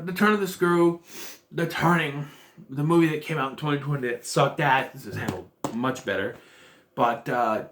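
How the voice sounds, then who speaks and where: Man, mid-pitched, casual reviewer who rambles and second-guesses himself mid-sentence. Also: a bit bright. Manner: rambling, thinking aloud with frequent restarts. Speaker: show reviewer.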